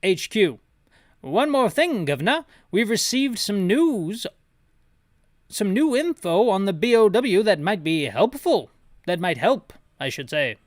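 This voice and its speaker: A stuffy British headquarters officer barks over the radio, stiff and formal, calling people governor and squire, as a man puts him on. The voice sits well above a normal man's pitch and comes out loud. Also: sing-song, measured pace, no room sound, studio quality. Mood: clipped formal. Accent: put-on British.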